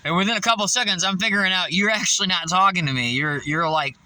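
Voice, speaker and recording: A man's voice: high voice, quick pace, pushed and bright, no room sound, rough recording. A man telling a casual, profane story about coworkers, laughing often and acting out their voices. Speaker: fast-food worker venting.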